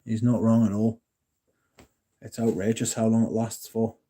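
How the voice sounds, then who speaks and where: Mellow English guy rambling on a livestream. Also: on the low side, flat delivery, normal speed. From England. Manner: rambling, self-correcting, jokey and profane. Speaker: livestream host. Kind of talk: casual livestream chat, reading out chat comments.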